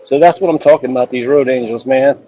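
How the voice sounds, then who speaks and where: A man's voice: mid-range voice, fast talker, narrow, tinny audio. A man, a police officer and distance runner, telling an earnest, emotional story over a phone interview.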